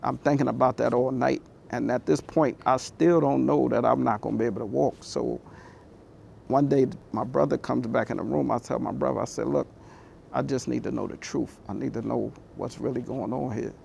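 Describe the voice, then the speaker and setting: A man's voice: mid-range voice, steady tone, moderate pace, vocal fry, darkish tone, a little hiss or hum. A man giving a motivational talk, telling his personal story in a candid, conversational, heartfelt way. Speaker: motivational speaker.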